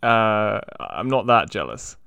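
Brief: male co-host, hesitant and emphatic, crisp voice with a dry sound. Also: on the low side, very animated, takes it slowly, sharp tone, dry recording. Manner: hesitant, many restarts, emphatic. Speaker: podcast co-host. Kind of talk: casual chat.

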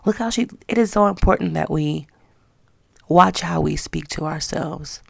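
A woman hosting her own podcast, talking casually and earnestly to encourage her listeners, with drawn-out emphasis. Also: deep voice, gravelly, dry recording, clean studio sound. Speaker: podcast host. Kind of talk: casual motivational talk.

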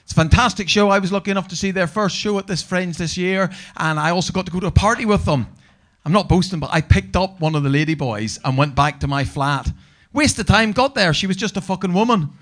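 On stage at a comedy venue, a Northern Irish man does brash, sweary live stand-up, ribbing the crowd. He talks fast in a high-pitched, fairly bright voice.

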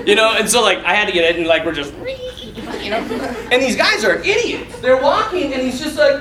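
A man telling a story in casual talk, animated, laughing often and acting out the voices of the people in it. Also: extremely high pitch, brisk, far from the mic, over a noisy crowd. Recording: echoey room, off mic, faint noise.

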